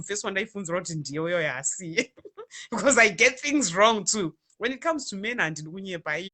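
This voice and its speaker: A woman's voice: mid-range voice, lively intonation, normal speed, pushed and bright. A Zimbabwean woman with a Zimbabwean accent, talking casually and animatedly to her viewers, switching between Shona and English. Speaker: online radio DJ and ministry speaker.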